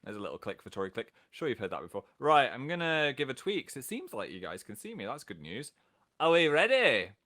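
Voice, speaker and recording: A man's voice: medium pitch, big pitch swings, fast talker, hardly any pauses, pushed and bright. A man hosting a casual livestream, chatting playfully and reading out viewers' comments with a jokey, self-mocking manner. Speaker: livestream host.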